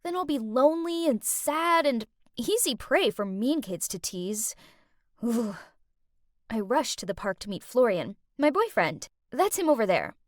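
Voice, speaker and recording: A young woman narrating an animated story in the first person, dramatic and confiding. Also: a little high, a little slow, no echo, clean studio sound.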